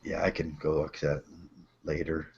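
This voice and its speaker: A man hosting a casual group chat, relaxed, trailing off with fillers. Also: very deep voice, moderate pace, vocal fry, breathy edge. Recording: dull lo-fi online call audio.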